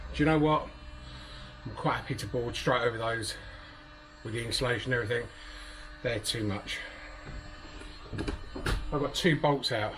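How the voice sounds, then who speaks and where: Out of breath from stripping out the inside of a van, a man narrates a casual DIY vlog in a matter-of-fact way, poking fun at his own struggles. His mid-range voice is a bit bright, with slight background noise.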